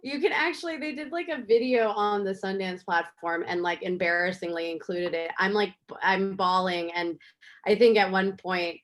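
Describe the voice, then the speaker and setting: A woman filmmaker speaks over a video call in a casual interview, chatty and animated. Her voice sits at a middle pitch, and her story spills out with plenty of fillers and restarts. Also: normal speed. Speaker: filmmaker guest.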